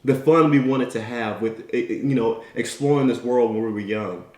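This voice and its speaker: A man's voice: mid-range voice, normal speed, darkish tone. Emphatic motivational man in an echoey room. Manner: emphatic, tag questions, storytelling. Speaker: motivational speaker. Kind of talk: motivational talk.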